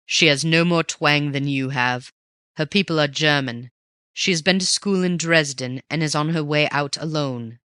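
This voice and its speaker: A reader voicing a cool, mocking gentleman thief who talks low and forcefully, in an audiobook reading. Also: moderate pace, clean tone, no echo, studio quality, close to an everyday voice. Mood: wry. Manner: snarling and teasing by turns.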